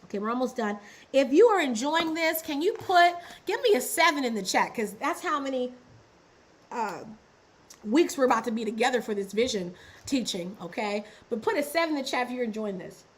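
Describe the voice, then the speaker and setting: A woman's voice: on the high side, lively intonation, brisk, slight background noise, poor audio. A woman teaching a business and ministry lesson on a livestream, repeating key phrases and asking viewers to answer in the chat. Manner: repetitive, call-and-response with the chat. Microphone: livestream setup.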